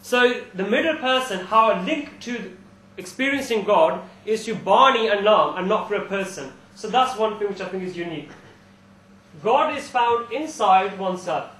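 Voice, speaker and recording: A young man giving a relaxed, informal talk to a student audience, telling personal stories and chuckling as he goes. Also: sits high, normal speed. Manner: chatty storytelling, with frequent restarts and chuckles. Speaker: invited speaker at a student society talk. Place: university lecture room. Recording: echoey room, live talk recording.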